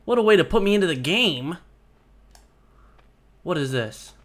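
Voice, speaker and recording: A man giving live gameplay commentary, jokey and excitable, swearing often. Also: high-pitched, measured pace. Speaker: gaming video host.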